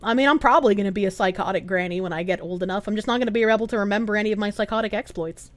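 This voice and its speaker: A woman streamer chatting casually and reading viewer comments aloud, giggly and animated, swearing freely. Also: medium pitch, rapid-fire. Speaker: live streamer.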